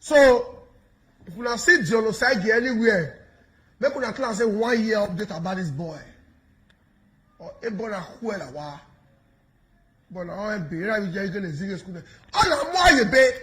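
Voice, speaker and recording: A Nigerian man giving mocking, animated commentary in pidgin, taunting and laughing as he talks. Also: high voice, normal speed, pauses often. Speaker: online commentator.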